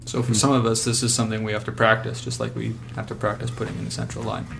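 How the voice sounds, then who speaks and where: Gravelly-voiced male podcast host. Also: fairly low pitch, little pitch movement, over music. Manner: measured, poses questions and sums up. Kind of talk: podcast interview.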